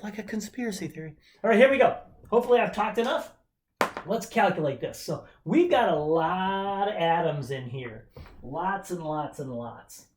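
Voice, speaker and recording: A woman's voice: lowish voice, lively intonation, moderate pace, darkish tone, slight background noise. A woman teaching a chemistry lesson remotely in a chatty way, with joking asides while she counts aloud. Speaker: chemistry instructor. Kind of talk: casual remote lecture.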